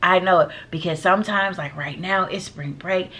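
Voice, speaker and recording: A woman's voice: fairly low pitch, moderate pace, fairly bright tone, a little hiss or hum. A woman teacher giving casual, emphatic classroom advice, often calling her viewers "y'all.".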